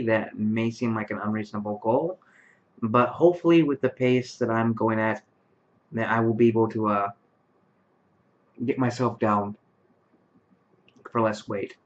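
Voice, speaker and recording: Man, late twenties, lowish voice, tired and rambling, um-filled vlog chat, dull muffled webcam sound. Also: moderate pace, long pauses. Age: late 20s. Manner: rambling, many fillers and restarts. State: tired, yawning late at night. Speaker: vlogger. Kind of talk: casual talk to camera. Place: his bedroom. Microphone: webcam microphone.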